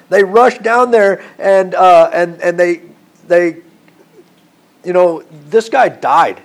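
A man preaching a sermon in an earnest way, often repeating himself and building to animated emphasis. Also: high-pitched, slow pace.

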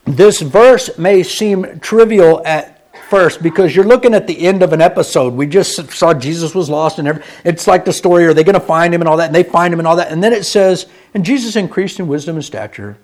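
Male preacher, slightly raised pitch, folksy storyteller, goes from loud to hushed. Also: brisk. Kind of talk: sermon.

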